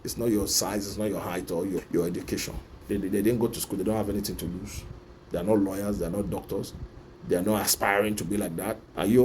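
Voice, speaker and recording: A man's voice: fairly low pitch, quick pace, darkish tone, slight background noise. A man with a Nigerian accent delivering an impassioned vlog monologue from his office, repeating his points with emphasis and slipping into Pidgin. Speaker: vlogger. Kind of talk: personal opinion monologue.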